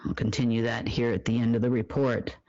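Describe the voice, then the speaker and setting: A host delivering a monologue report, asking rhetorical questions and answering them, with drawn-out emphasis and frequent fillers. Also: mid-range voice, flat delivery, mellow, no echo, highs cut off.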